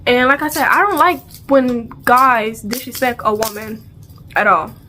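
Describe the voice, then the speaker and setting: A vlogger with a fairly high, unhurried voice shares a storytime with a little hiss or hum in the recording. She uses casual slang, repeats phrases, and animatedly acts out the sounds and dialogue.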